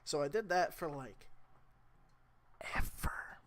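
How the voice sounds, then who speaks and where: Working on his motorcycle, a young vlogger chats to the camera mic, wandering off track and making jokes at his own expense. He sounds a little high and lively, keeps a measured pace, and there's a bit of hiss or hum on the audio.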